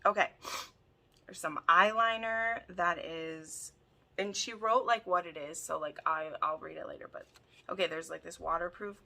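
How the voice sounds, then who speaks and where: A woman chatting through an unboxing, gushing and excitable with frequent gasps. Her voice is bright and sits a little low, and she talks at an unhurried pace. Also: creaky. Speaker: book video host. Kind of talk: casual unboxing chat.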